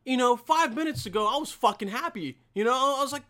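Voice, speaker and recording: High bright-voiced swearing ranting man. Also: fast, hardly any pauses. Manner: heavy swearing, loud bursts, mocking quoted voices. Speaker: vlogger. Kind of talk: profane comedic rant.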